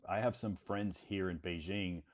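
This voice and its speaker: An American man hosting a casual English-learning chat, repeating words clearly for a learner and laughing often. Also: low voice, fairly even intonation, moderate pace. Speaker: English teacher host. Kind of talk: casual conversational interview. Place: lives in Beijing.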